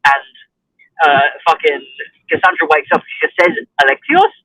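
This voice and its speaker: A man's voice: fairly high pitch, fairly even intonation, moderate pace, bright, forceful tone, low-quality recording. A young man, bantering with his co-host during a game stream, laid-back and sweary. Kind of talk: casual chat while streaming a game.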